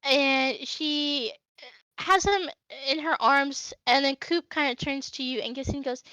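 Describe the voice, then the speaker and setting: A woman's voice: high-pitched, steady tone, unhurried, bright, forceful tone, dry recording. A woman narrating as game master of a tabletop game, hesitant and full of fillers.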